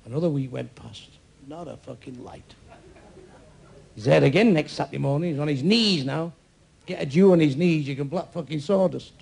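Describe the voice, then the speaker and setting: Brief: male stand-up comic, blunt and foul-mouthed delivery, gravelly voice, noisy live room. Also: fairly high pitch, normal speed, a little mellow. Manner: crude, blunt joke-telling with constant swearing. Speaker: stand-up comedian. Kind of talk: stand-up comedy routine. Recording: noisy live club recording.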